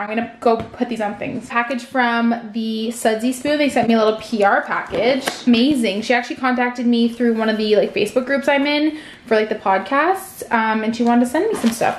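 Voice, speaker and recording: A woman vlogging casually at home, gushing and excitable as she talks to the camera. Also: fairly high pitch, echoey room. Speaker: lifestyle vlogger. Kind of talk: casual vlog narration to camera. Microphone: vlog camera mic.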